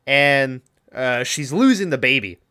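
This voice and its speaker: A man's voice: medium pitch, animated, a little slow, bright, forceful tone, clean tone. A young man co-hosting a podcast, casually recapping a movie in a rambling, profane way and acting out its lines. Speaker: podcast co-host.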